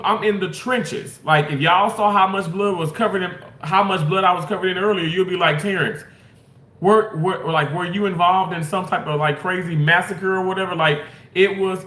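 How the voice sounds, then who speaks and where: Guy venting a work story, rambly, kinda high and bright, echoey room. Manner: animated, rambling, repeats and restarts, talks to viewers as y'all. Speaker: surgical staff member. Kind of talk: casual storytime rant to camera.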